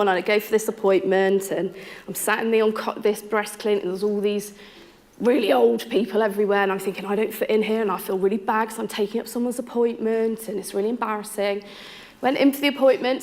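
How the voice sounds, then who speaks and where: Woman, 30s, frank personal storytelling, middle pitch, acts out quotes. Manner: candid, frank, lively quoting of others and herself. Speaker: interviewee telling her story.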